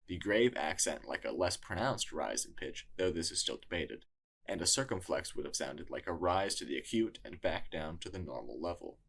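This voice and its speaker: A man narrating a scripted lesson in a measured, explanatory way. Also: low-pitched, creaky, a bit bright, breathy edge. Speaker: tutor.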